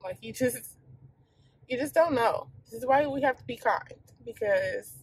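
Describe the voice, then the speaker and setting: A woman's voice: on the high side, slightly rough, rough recording. Tearful woman vlogging on her phone. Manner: emotional, halting, many fillers. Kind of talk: candid talk to camera.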